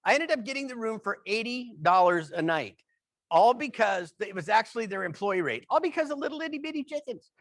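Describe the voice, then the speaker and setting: A man with a fairly high voice tells comic stories in a keynote talk, animated and playful in his delivery. The sound is dry and close, with no room echo. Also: fairly quick. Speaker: humorist keynote speaker.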